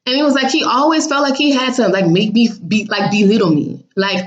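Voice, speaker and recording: Blunt, animated woman telling a dream. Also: a little high, fast talker, few pauses, dull audio. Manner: animated, quotes people in raised voices, blunt and sassy. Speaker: vlogger recounting a dream. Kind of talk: casual storytelling to viewers.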